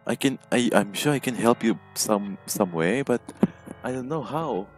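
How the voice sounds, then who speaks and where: Gaming alone at home, a man comments casually into a headset microphone in a lowish voice at a moderate pace, soft music playing underneath. He's nervous and jumpy, often letting out startled exclamations.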